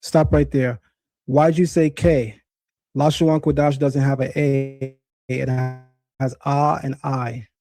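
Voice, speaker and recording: A man with a dark, mid-range voice hosts a livestream debate over Hebrew pronunciation, insistently pushing back on a guest. He speaks slowly with little pitch movement, heard through a screen-sharing stream setup.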